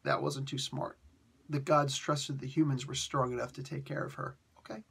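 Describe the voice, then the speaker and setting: Chatty husky-voiced man reviewing comics. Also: mid-range voice, normal speed. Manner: animated, chatty, jokey asides. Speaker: comic book reviewer host. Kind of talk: casual comic review talk.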